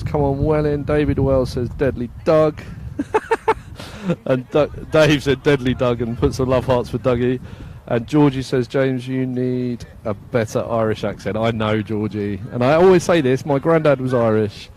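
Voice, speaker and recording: A man commentates a grassroots football match live for an online stream, chatty and self-mocking, breaking into laughs as he reads viewer comments. He talks at an ordinary middle pitch. Faint outdoor noise and the odd passing vehicle sit behind him. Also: a little mellow. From England. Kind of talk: casual football commentary reading chat comments.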